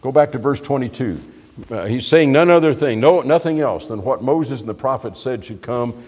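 A man's voice: medium pitch, animated, normal speed, darkish tone, slightly rough. A man preaching a sermon in a church hall, explaining scripture in a conversational way with frequent restarts. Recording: long reverb of a church hall.

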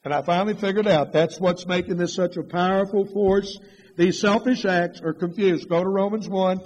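High-voiced middle-aged preacher, reverberant hall. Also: male voice, fairly even intonation, normal speed, darkish tone. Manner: emphatic, rhetorical questions, rising to raised passionate pitch. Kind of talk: sermon. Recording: long reverb of a large hall.

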